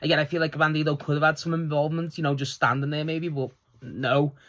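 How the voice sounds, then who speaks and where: A man casually reviewing a wrestling show on his own, excitable and swearing freely as he recounts the segments. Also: fairly high pitch, fast.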